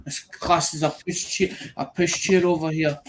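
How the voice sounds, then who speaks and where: A man's voice: a little high, flat delivery, moderate pace, a little hiss or hum. A man chatting casually, repeating words as he explains. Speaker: livestream guest. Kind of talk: casual chat.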